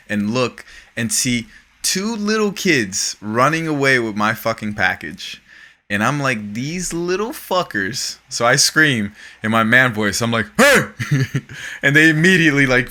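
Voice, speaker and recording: Podcast host guy telling a story, crisp bright tone, swears a lot, super animated. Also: mid-range voice, moderate pace. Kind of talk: casual storytelling chat.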